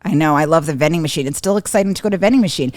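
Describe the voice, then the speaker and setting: A woman's voice: low-pitched, racing, no room sound. A woman in her thirties, a guest on a podcast, telling stories animatedly with frequent laughs and swearing. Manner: animated storyteller, laughs often, swears freely. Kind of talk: casual chat.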